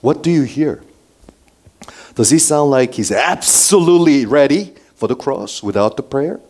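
Pastor, male, mid-pitched, sermon of loud emphasis and sudden whispers. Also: expressive, a little slow. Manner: swings between raised emphasis and hushed near-whispers; checks in with the listeners with frequent "okay?". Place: church before a congregation.

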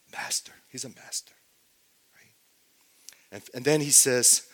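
A male pastor delivering a sermon at a middle pitch. He builds to loud, emphatic stretches and then drops to a hushed, almost whispered delivery. He keeps putting rhetorical questions to his listeners. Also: expressive, measured pace, long pauses, rough recording. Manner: asks the audience rhetorical questions.

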